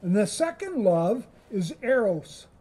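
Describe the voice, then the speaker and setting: A man's voice: high-pitched, sing-song, measured pace, mellow, husky. A male chaplain giving a chapel talk, explaining ideas plainly and speaking directly to his listeners. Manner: plain teaching tone, addressing the group directly. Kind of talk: chapel sermon.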